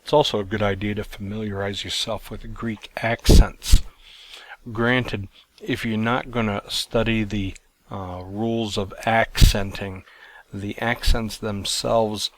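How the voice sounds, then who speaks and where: A man teaching a recorded lesson, explaining in a plain, measured way with some fillers and restarts. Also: lowish voice, dry recording. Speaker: Greek teacher.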